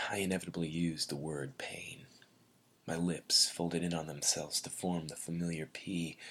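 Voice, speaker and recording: A man reading a first-person literary story in a measured way, often sinking to a breathy near-whisper. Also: low voice, pushed and bright. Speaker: narrator.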